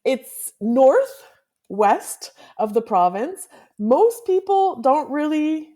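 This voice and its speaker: A woman's voice: high voice, sing-song, drawn-out words, mellow. Friendly woman from Quebec as guest. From Quebec, Canada. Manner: friendly, explanatory, teasing. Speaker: travel blogger guest. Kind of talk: podcast interview.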